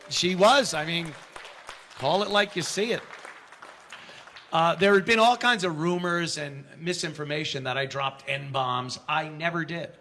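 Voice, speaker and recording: Man, speech to an audience, raised pitch, forceful bright tone, stammering restarts, acts out quotes. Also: a little hiss or hum. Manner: storytelling, acting out quotes with raised voice. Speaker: conference speaker.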